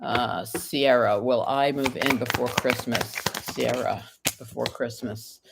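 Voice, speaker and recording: On a live stream, a woman still recovering from an illness reads tarot, voicing viewers' questions and answering each one card by card. Her voice is extremely low, creaky and fairly even in intonation, and she speaks slowly over a very noisy background.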